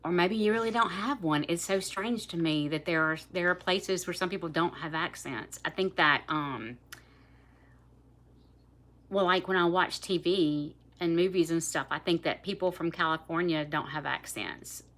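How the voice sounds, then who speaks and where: Speaking straight to her viewers, a livestream host with a South Louisiana accent keeps the chat casual and laughs a lot. She has a somewhat low, slightly bright voice and a moderate pace.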